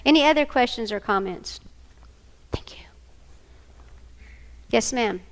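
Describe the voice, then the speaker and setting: A woman's voice: a little high, takes it slowly. A woman, teaching a workshop to a live audience, telling stories and checking in with her listeners. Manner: animated, storytelling, checks in with listeners. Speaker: workshop presenter.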